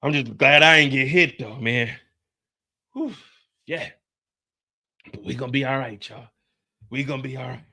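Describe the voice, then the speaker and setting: A man hosting an animated recap of a TV episode, telling the action in profane slang and acting out the gunfire with his own sound effects. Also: mid-range voice, normal speed, pauses often. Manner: excitable, acts out scenes with gunshot sound effects. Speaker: show recap host.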